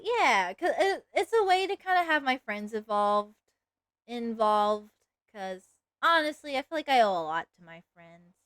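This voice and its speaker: A woman's voice: a little high, fairly bright tone, no room sound. A woman streamer chatting casually while she draws, rambling along with lots of "like" fillers. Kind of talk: casual livestream chat while drawing.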